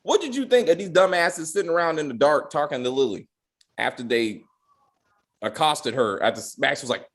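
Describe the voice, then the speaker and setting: A young man talks through a TV episode in a casual recap chat, exasperated and profane. His voice sits a little high and swoops widely as he acts out mock quotes. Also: lively intonation, normal speed. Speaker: podcast co-host.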